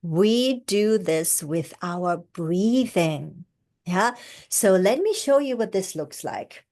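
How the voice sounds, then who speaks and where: A woman coaching voice in an online class shows breathing and tones over video call, speaking slowly and encouragingly. She's animated, with a lowish voice and darkish tone.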